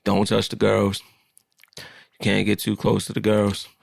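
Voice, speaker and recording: Male podcast co-host, low gravelly voice, lively crude banter, dry sound. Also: measured pace, no room sound. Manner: animated, crude joking banter. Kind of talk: casual chat.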